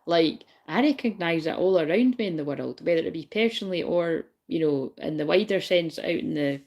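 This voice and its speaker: A woman's voice: lowish voice, animated, moderate pace, a little mellow. A woman giving a casual, rambling spiritual reading to viewers. She swears freely, laughs often and keeps asking whether they know what she means. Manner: laughs often while talking. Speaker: spiritual reader.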